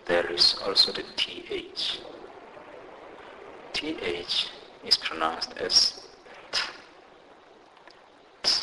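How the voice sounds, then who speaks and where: A man's voice: deep voice, vocal fry, sharp tone, slight background noise, poor audio. A man teaching a beginner language lesson, spelling out letter pairs and saying each example word twice in a careful, scripted delivery. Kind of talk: slow scripted pronunciation lesson.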